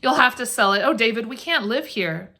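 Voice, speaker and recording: A woman voicing a frantic, sobbing middle-aged wife, pleading in a shrill, breathless way. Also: lively intonation, fairly quick, bright, forceful tone, exaggerated voice.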